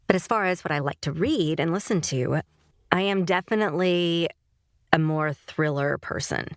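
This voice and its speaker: A woman's voice: deep voice, normal speed, dry recording, studio quality. A woman who narrates audiobooks, chatting casually as a podcast guest in a loose, rambling way. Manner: chatty, loose, full of "like" and "you know". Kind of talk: casual interview chat.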